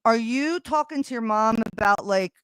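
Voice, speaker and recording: A woman hosting a livestream, chatting casually with viewers in a loud, animated way and swearing freely, recorded on a streaming microphone. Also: on the high side, moderate pace, clean tone, no echo. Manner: loud and animated when excited. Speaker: livestream host.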